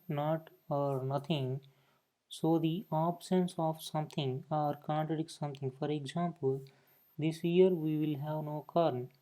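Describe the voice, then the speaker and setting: A man's voice: a little high, warm tone. A man teaching a grammar lesson, explaining points and often saying "okay" between them. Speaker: English teacher.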